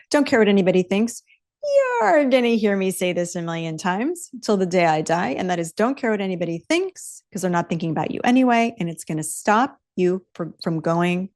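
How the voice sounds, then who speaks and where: A woman's voice: on the low side, a little mellow. Blunt fired-up woman in her fifties. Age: 50s. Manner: emphatic, blunt and profane, repeating key phrases. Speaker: podcast host. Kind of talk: solo motivational podcast talk.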